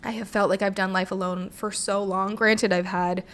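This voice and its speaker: A woman's voice: mid-range voice, flat delivery, normal speed, fairly bright tone. Young woman, solo podcast host; frank and emphatic, curses casually, mid-range voice. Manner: emphatic, swears freely, voices her own inner thoughts. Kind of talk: candid solo podcast monologue.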